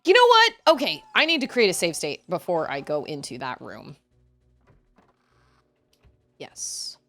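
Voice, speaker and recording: A woman's voice: deep voice, wildly swooping pitch, a little slow, a bit bright, soft background music. Chatty young woman streaming a game. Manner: chatty and rambling, reacting to the game and chat aloud. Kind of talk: live-streamed gameplay chat. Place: at home.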